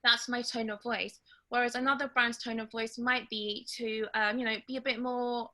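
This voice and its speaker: Bright-voiced blunt woman giving a webinar talk. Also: on the high side, normal speed. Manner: blunt, straight to the point; lively, loud in places. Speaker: webinar guest speaker. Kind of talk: webinar talk on social media strategy.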